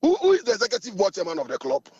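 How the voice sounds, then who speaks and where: A Ghanaian man with a hoarse voice, the chairman of a supporters' group, talking in an assertive, fiery way in an interview. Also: high voice, wildly swooping pitch, rapid-fire, dark tone, no echo, muffled recording.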